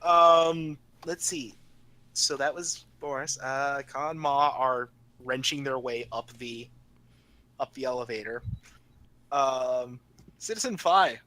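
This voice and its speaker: A man narrating as game master in a relaxed way, with many pauses and fillers. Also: medium pitch, poor audio.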